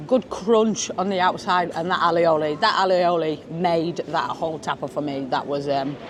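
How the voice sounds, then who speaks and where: A woman's voice: low-pitched, fairly even intonation, normal speed, slight background noise. A woman vlogging at a beachfront restaurant, chatting casually as she tastes tapas and hums her approval at each bite. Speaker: food vlogger. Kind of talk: casual food-tasting commentary. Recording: busy restaurant crowd behind.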